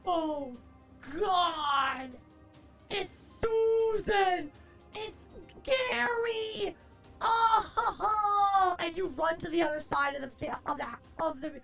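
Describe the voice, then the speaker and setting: A woman's voice: extremely high pitch, vocal fry. A woman streamer chatting casually with her viewers, brash and profane, launching into theatrical rants. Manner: theatrical, playful.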